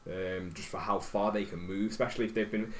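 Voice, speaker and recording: A man playing a board game, chatting in a relaxed way and trailing off with fillers. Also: fairly low pitch, fairly quick, slight background noise. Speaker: player. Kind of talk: casual chat at the game table.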